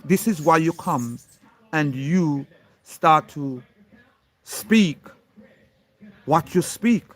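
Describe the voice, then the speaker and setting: A man with a fairly high voice delivers an impassioned, preachy monologue at a slow, deliberate pace. He speaks straight to a critic and hammers single words for emphasis. He sounds insistent and certain throughout. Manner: preachy, addressing an unseen critic directly.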